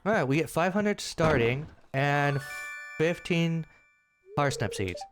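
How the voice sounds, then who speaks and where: A man's voice: a little high, takes it slowly, faint music behind. Joking, profane man streaming a game. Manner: joking, profane, animated rambling. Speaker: gaming streamer. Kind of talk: casual gameplay commentary.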